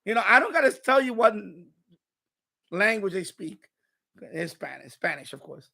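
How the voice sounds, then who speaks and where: High, gravelly-voiced man ranting. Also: normal speed. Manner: animated ranting storyteller. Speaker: live stream host. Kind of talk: casual live-stream chat.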